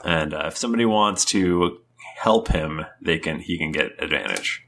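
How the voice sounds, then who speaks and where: A man's voice: a bass voice, moderate pace, gravelly, fairly bright tone. A man running a tabletop game as game master, talking hesitantly with many fillers.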